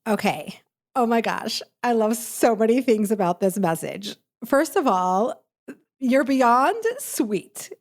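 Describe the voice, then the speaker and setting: A woman's voice: mid-range voice, measured pace. A woman hosting a podcast, responding effusively to listener messages with many fillers. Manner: warm-hearted and effusive, lots of filler words. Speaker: podcast host. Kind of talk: podcast commentary.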